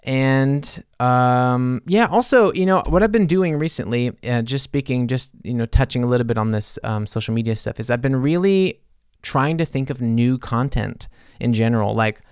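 A man's voice: mid-range voice, clean tone, no echo, clean studio sound. A man hosting a podcast as a musician, rambling casually with many fillers and self-corrections. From United States. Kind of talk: casual chat.

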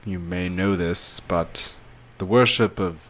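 A man playing a tabletop game, calmly describing his character and speaking for him at length. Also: deep voice, slow pace, a little hiss or hum. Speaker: player. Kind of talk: tabletop role-play.

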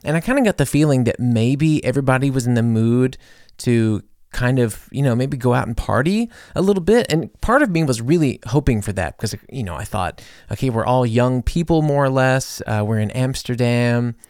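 A young man hosting a podcast, telling a travel story in a chatty, animated way with lots of fillers and acted-out quotes. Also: medium pitch, moderate pace, clear, resonant tone, dry recording, studio quality. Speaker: podcast host. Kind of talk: casual storytelling monologue.

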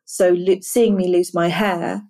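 A woman's voice: lowish voice, steady tone, measured pace, dark tone. A middle-aged woman speaking as an interview guest, talking in an earnest, reflective way that often halts on repeated words. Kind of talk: candid conversational interview.

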